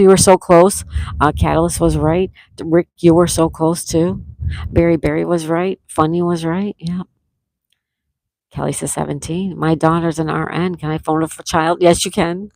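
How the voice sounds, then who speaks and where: Woman, trivia host, gravelly fry in the voice, dry close sound, reads chat answers aloud, repeats questions slowly. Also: low-pitched, a little mellow, dry recording. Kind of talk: live-stream trivia hosting.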